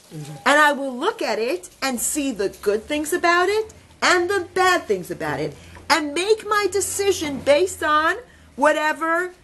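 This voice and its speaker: A woman teaching a women's religious class, telling a story in an animated, chatty way with many fillers. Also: high-pitched. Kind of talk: storytelling lesson.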